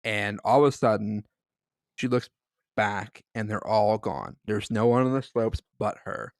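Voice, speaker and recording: Man, low voice, podcast co-host, rambling casual storytelling, dry close sound. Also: measured pace, dry recording. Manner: loose, rambling storytelling full of "like" and "um". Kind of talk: casual chat.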